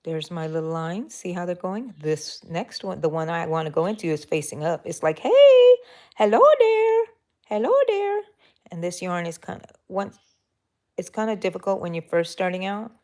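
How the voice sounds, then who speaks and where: A woman with a Texan accent speaks low, steady, brisk, and a little mellow. She hosts a casual crochet livestream, chatting with her viewers and talking herself through the work.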